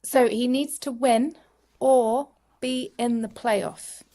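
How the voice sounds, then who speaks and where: A woman co-hosting live golf commentary as analyst, lively and encouraging, playful with her co-host. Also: a little high, slow, no echo.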